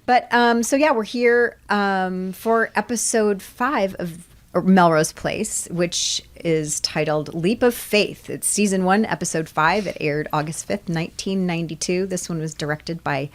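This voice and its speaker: Low-voiced woman hosting a chatty recap podcast. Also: measured pace, dry recording. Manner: chatty, reads episode details, with fillers. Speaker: podcast co-host. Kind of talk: casual recap podcast chat.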